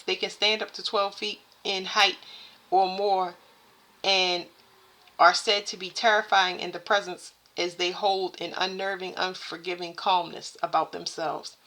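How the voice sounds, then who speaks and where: A woman doing a casual spiritual reading, chatting to her viewers and haltingly reading text aloud. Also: medium pitch, sharp tone. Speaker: spiritual reader addressing viewers.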